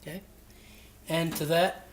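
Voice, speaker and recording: A man's voice: fairly high pitch, level tone, measured pace, a little hiss or hum. Chatty man hosting a cooking vlog. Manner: chatty and friendly, says "man" and "dude". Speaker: cooking channel host. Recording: echoey room.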